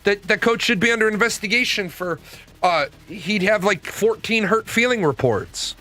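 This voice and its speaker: A man in his forties, a streamer, telling stories in a profane, animated rant. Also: sits high, moderate pace. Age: 40s. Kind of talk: ranting casual talk.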